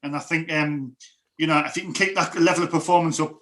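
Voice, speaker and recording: Bright-voiced guy rambling about football on a fan stream, lots of restarts. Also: fairly high pitch, steady tone, quick pace. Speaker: fan co-host. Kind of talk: casual football chat.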